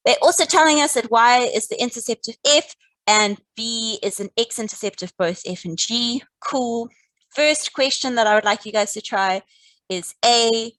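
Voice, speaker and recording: A woman leads a live maths class, calmly walking her students through each step and urging them not to panic. The sound is dry and close, with no room echo. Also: mid-range voice. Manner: encouraging, calm, talks students through steps. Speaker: maths teacher. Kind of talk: live online maths lesson.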